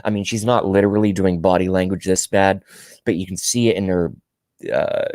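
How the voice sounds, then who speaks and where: A man's voice: low voice, steady tone, moderate pace, darkish tone, no room sound. A man delivering a ranting political monologue to camera, emphatic and indignant, often repeating himself for effect. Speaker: political commentary vlogger.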